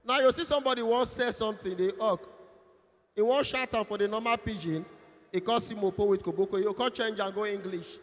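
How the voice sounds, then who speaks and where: A Nigerian man hosts a ceremony with loud, playful announcing and pidgin banter. His voice sits high for a man. It rings out with a long reverb, as in a large hall. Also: a little fast, slight background noise. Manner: lively, joking, loud announcing. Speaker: master of ceremonies. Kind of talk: event emceeing with comic pidgin banter.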